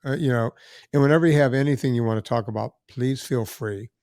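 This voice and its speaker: A male podcast host who chats casually and rambles through his plugs. His voice is mid-pitched and sounds dry and close to the mic. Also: fast talker, a little mellow, dry recording.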